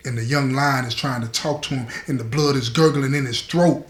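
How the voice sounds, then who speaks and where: Speaking from inside prison, a man tells his viewers a story, addressing them as "y'all" in a streetwise, earnest way. His tone is steady and brisk with few pauses, the sound reverberant, and he drops softer and lower as the story turns grave.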